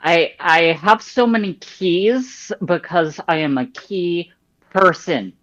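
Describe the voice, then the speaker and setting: An improv performer playing an awkward, evasive employee who stammers excuses. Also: female voice, fairly low pitch, slow, a bit bright. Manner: flustered, stammering. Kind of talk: live improv comedy. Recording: dull lo-fi sound.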